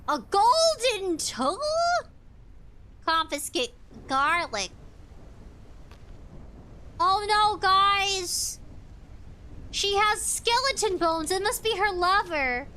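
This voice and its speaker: A woman's voice: very high voice, expressive, slow, pauses often, bright, forceful tone. A woman live-streaming a game in casual chat, giggling as she reads chat messages and game text aloud. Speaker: VTuber streamer.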